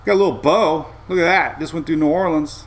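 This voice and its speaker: A middle-aged man hosting a casual live weather show, rambling and easygoing with excitable asides. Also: on the high side, fairly quick, a little hiss or hum.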